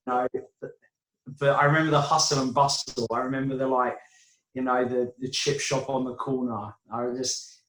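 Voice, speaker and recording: An easygoing English man in his thirties, answering an interviewer's questions. He speaks at a middling pitch and pauses to think now and then. His voice carries a roomy echo. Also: little pitch movement, fairly bright tone. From England. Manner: easygoing, thoughtful, some hesitations. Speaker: interview guest. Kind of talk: casual video interview.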